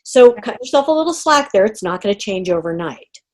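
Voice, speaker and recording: A middle-aged woman leading an online group coaching call, talking in an animated way and acting out inner reactions. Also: mid-range voice, a little fast. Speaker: coach running a group session. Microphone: video call.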